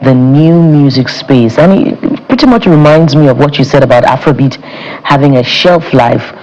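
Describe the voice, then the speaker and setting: A man's voice: mid-range voice, lively intonation, moderate pace, a little mellow. A man with a mid-range voice co-hosts a television discussion, asking questions with stammering restarts. The audio sounds muffled.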